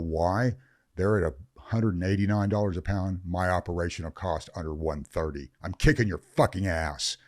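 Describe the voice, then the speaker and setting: An older man with a very low, deep voice speaks bluntly and swears freely, ranting with fired-up conviction. The sound is close and dry, with no room around it. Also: darkish tone, dry recording. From Northern California. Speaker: veteran cannabis grower guest. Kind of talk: podcast interview.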